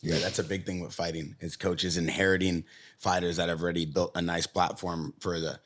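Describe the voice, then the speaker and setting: A podcast host with a very deep male voice chats with his guest in a studio. He talks conversationally and asks follow-up questions. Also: level tone, fairly quick, fairly bright tone, a little hiss or hum. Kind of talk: casual interview.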